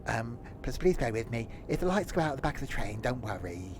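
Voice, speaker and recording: A man doing a deadpan train guard. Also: mid-range voice, brisk, noisy background. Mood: deadpan announcing. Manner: formal announcer patter with deadpan jokes. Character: cheerful male train guard making announcements.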